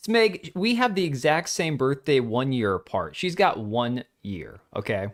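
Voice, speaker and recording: A man's voice: mid-range voice, very animated, moderate pace, few pauses. A middle-aged man hosting his own livestream, tired and sore, chatting loosely, joking, chuckling and swearing casually from a home setup. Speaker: streamer hosting his live show.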